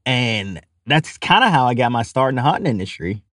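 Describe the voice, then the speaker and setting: A man's voice: medium pitch, big pitch swings, fairly quick, fairly bright tone, dry recording. A young man from with a drawl tells a story as an interview guest. He acts out the other people in it, laughing as he goes. His voice sounds close and dry, with no room sound. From Louisiana. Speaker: guest, animal caller.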